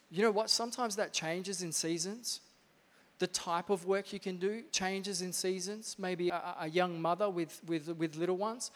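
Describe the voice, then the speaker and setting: A male pastor preaching an energetic, emphatic sermon with lots of repetition in a church. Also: high voice, moderate pace. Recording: reverberant church hall.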